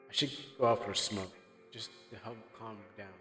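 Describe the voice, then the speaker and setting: A man streams a game playthrough, reading the on-screen text aloud in a subdued, hesitant manner. His voice is lowish and a little fast. Long reverb surrounds him, with faint game music underneath.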